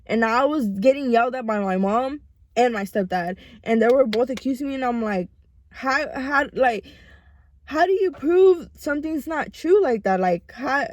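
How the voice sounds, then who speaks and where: A young woman telling a storytime vlog in a loose, rambling way, full of swearing and fillers. Her voice is a bit high, and the sound is dry and close to the mic. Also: dry recording. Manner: profane, rambling, animated retelling. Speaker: vlogger. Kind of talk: casual storytime chat. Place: home.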